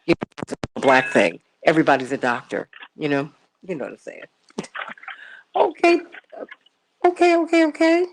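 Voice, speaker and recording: A woman's voice: deep voice, huge pitch swings, normal speed, pauses often, background noise. A woman hosting a morning talk radio show from a studio, chatty and exclamatory, often repeating her words.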